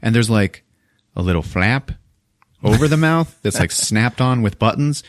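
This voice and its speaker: A man's voice: on the low side, moderate pace, dry recording, studio quality. A man hosting a podcast, recapping a film in casual chat and acting out its characters with lots of swearing. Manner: animated storytelling, acting out characters with profanity.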